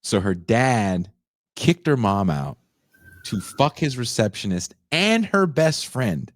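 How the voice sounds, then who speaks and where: A man hosting a podcast, recapping a movie as an excitable storyteller who laughs often and bursts into high exclamations. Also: slow, no echo, clean studio sound. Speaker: podcast host.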